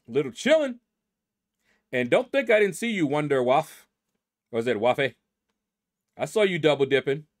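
A middle-aged man hosting a gaming channel, casually reading out leaderboard names and musing aloud as he stumbles over them. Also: on the high side.

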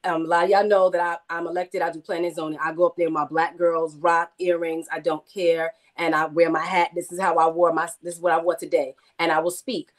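Outspoken New York woman panelist, fast talker, lowish voice. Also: flat delivery. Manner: outspoken, confident, emphatic. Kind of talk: casual panel discussion.

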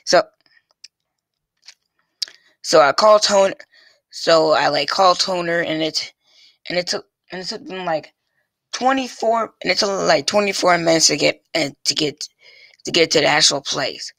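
A slightly high, creaky male voice with a sharp tone comes through a dry desk-mic recording with a pop filter. The YouTube vlogger chats loosely with viewers, tripping over himself and repeating phrases again and again before landing a thought.

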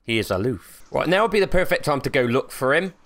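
Excitable gamer, lively and bright. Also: male voice, mid-range voice, quick pace. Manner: swearing, excitable, jokey, yelps when startled. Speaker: gaming YouTuber. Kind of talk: horror game commentary.

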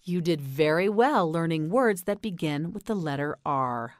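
An American woman teaching English pronunciation in a slow, scripted lesson, patiently repeating each word and encouraging the learner. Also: low voice, expressive, no echo, clean studio sound.

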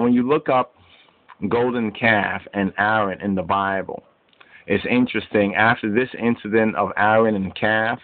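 A man's voice: fairly low pitch, no room sound. A man giving an informal Bible study, reading verses aloud and then explaining them in a conversational way while he keeps checking "you understand?". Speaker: Bible teacher. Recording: dry, narrow phone-like sound.

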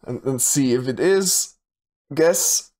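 A man's voice: medium pitch, expressive, slow, darkish tone. A young man giving casual commentary while he plays a geography guessing game, thinking aloud with hesitant, repeated words. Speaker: game streamer.

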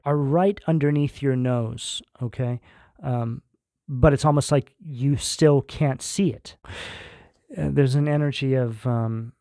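A man doing a tarot reading in a loose, conversational way, often checking in with "right?" and filling pauses with "um". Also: mid-range voice, darkish tone, dry recording, studio quality. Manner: conversational, keeps asking "right?", fillers. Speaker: tarot reader. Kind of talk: casual tarot reading monologue.

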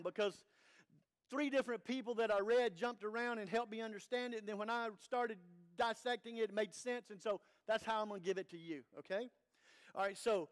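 Man, pastor, sermon, high-pitched, earnest, conversational, rhetorical questions. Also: fairly even intonation, a little fast.

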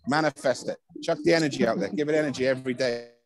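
Gentle, thankful man outdoors. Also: medium pitch, racing, no room sound, rough recording. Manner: gentle, thankful, rambling with fillers. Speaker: spiritual circle leader hosting a live stream. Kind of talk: casual live-stream chat. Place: outdoors on a hilltop at night.

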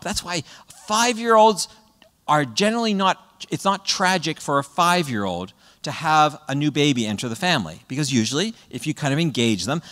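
A man giving a public talk to parents, an animated storyteller who often checks in with "right?" and acts out what children say. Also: high-pitched, in a large hall. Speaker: guest speaker. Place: presentation hall.

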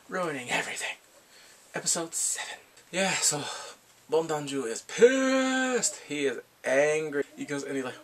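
A man casually recapping a TV drama with animated, laughing storytelling. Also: fairly high pitch, normal speed, slight background noise. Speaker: drama reviewer.

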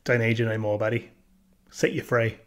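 A man's voice: lowish voice, little pitch movement, moderate pace. Blunt slangy male host. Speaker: host reacting to a story. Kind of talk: casual commentary.

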